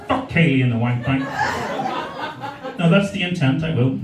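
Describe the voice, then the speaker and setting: A man with a Belfast accent performing a stand-up set, bantering crudely and quickly with the crowd. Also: mid-range voice, expressive, recorded from a distance. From Northern Ireland. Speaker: stand-up comedian. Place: comedy venue with live audience. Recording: roomy live venue, crowd laughter.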